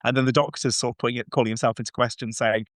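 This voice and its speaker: A man hosting a casual podcast chat, excitedly acting out quoted lines in shifting voices. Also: medium pitch, rapid-fire, no room sound, clean studio sound. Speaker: podcast host.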